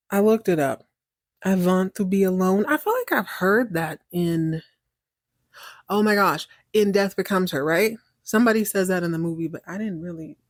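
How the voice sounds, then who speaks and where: A woman's voice: medium pitch, dry recording, clean studio sound. Chatty, opinionated woman podcaster. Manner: chatty and opinionated, acts out characters' lines, laughs and reacts loudly. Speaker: podcast host recapping a TV series. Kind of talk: casual chat.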